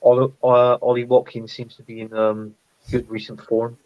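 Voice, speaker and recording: A man chatting casually as a football podcast panelist, thinking out loud and laughing often. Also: mid-range voice, flat delivery, normal speed, highs cut off. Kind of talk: casual chat.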